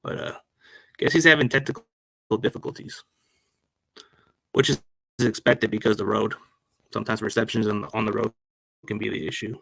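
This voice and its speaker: A man's voice: fairly low pitch, moderate pace, gravelly, long pauses, fairly bright tone, no room sound. A man hosting a sports podcast on a laptop mic, chatting casually and rambling in slang. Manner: rambling, slangy, addresses listeners as man and dude. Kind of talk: casual chat. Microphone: laptop microphone.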